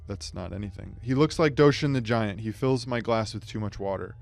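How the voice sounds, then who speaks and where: A man delivering a surreal comic monologue as a speech contestant, in a deadpan manner with stumbles and asides. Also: fairly low pitch, fairly quick, creaky, few pauses, faint music behind.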